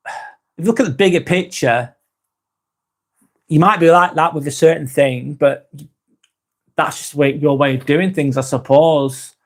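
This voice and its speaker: A man hosting a live vlog, answering chat in a rambling, frank way, swearing often and restarting sentences. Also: medium pitch. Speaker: host.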